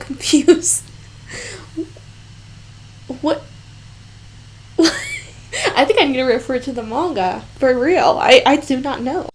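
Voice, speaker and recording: Female reaction host, slightly high voice, excitable and rambling, laughs a lot. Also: a little hiss or hum. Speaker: anime reaction channel host. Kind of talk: casual reaction commentary.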